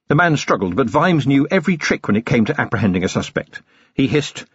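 A husky-voiced man reads an audiobook in a measured, dry storytelling manner. His pitch moves in a lively way, and the close, dry mic gives a recording that sounds slightly dull and lo-fi. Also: no echo. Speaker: audiobook narrator. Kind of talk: scripted narration.

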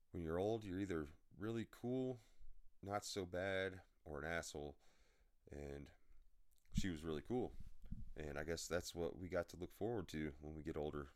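A man hosting a podcast, telling rambling, profane delivery-driver stories in a blunt, casual way. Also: sits low. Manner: profane, blunt storytelling with frequent filler. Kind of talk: rambling anecdotal podcast chat.

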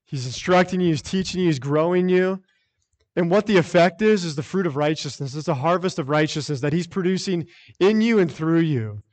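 A man preaching a sermon as pastor, earnest and repetitive, often restarting his phrases. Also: a little high.

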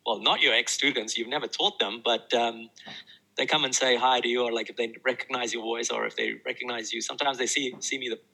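A New man, a maths teacher, talking through his stories in an easygoing interview. His voice is gravelly with a bright, forward edge. He often stops and restarts his sentences as he goes. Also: medium pitch, fast, low-quality recording. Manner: animated anecdotes with many restarts. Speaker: maths teacher and tutoring YouTuber. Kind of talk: casual storytelling interview.

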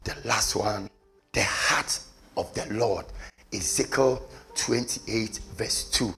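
A man preaching a sermon with passion, repeating phrases for emphasis and swinging from low murmurs to shouted peaks. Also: slow pace, creaky.

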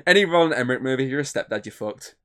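A man's voice: medium pitch, expressive, fast, fairly bright tone. Rambling casual man, heavy fillers. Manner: rambling, lots of "like" fillers, swears freely. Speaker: podcast co-host. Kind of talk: casual chat.

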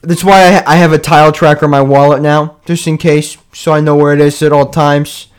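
A man's voice: a little high, flat delivery, brisk, clear, resonant tone. A young man reacting with jokes and disbelief on a casual podcast. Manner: incredulous, joking, says "bro" and "dude". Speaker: podcast co-host. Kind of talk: casual chat.

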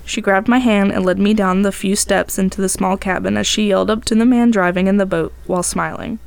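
A woman's voice: medium pitch, steady tone, fairly quick, gravelly, smooth, no room sound. A woman podcast host narrating a tense first-person tale in a dramatic storytelling manner.

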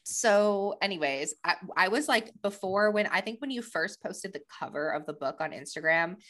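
A woman's voice: mid-range voice, animated, normal speed, a bit bright. A woman co-hosting a podcast, rambling enthusiastically about a book character. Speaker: podcast co-host. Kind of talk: casual podcast chat.

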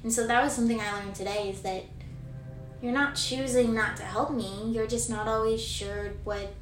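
A woman with a somewhat high voice co-hosts a podcast with her husband, speaking earnestly and reflectively and laughing easily. She sounds a little far from the mic in an echoey room, with a faint hiss behind her. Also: steady tone, moderate pace. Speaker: podcast co-host. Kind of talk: casual couple chat. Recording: roomy echo from off-mic, faint noise.

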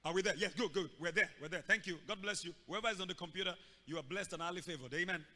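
A male pastor preaching a sermon, acting out scenes and bursting into loud shouts. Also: high-pitched, fast talker. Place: church hall. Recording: long reverb of a large hall.

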